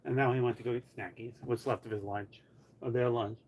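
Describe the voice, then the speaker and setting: A man's voice: medium pitch, fairly even intonation, brisk, a little mellow. A man live streaming from home, chatting casually in a rambling way full of "like". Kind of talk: casual chat.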